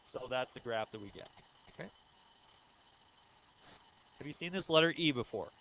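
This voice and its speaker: A man's voice: medium pitch, expressive, moderate pace, vocal fry, pushed and bright, slight background noise, low-quality recording. A man in his thirties giving a recorded math lecture, explaining step by step and asking the class questions, with frequent 'uh' and 'um'. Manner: says 'uh' and 'um' often. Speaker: math teacher.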